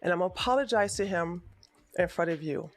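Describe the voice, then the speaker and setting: A woman hosting a political livestream, ranting and arguing in a combative, profane, often shouting way. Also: on the low side, fast, faint music behind. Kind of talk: heated livestream rant.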